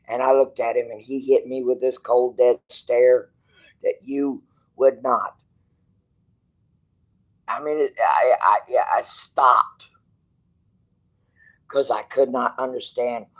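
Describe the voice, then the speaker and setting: A man with a rough, gravelly voice talks to his viewers at an unhurried, drawn-out pace. He rambles and restarts, acts out the dialogue of others, and swears casually as he goes. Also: mid-range voice, rough recording. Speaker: channel host.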